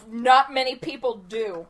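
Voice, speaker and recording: A woman on a podcast, playful and goofy, riffing on words with her friends. Her voice sits a little high. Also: expressive, takes it slowly, a bit bright. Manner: playful, silly wordplay. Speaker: podcast co-host. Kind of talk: casual chat.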